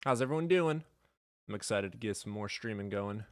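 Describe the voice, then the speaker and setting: Blunt, sarcastic low-voiced male streamer. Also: lively intonation, fairly quick, no echo, clean studio sound. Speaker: streamer hosting a debate stream. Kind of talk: casual live-stream chat, reading and answering chat.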